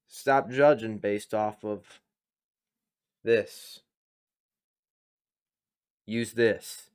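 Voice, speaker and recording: A man's voice: medium pitch, smooth. A man hosting a reaction video, talking bluntly and with lots of profanity in casual commentary.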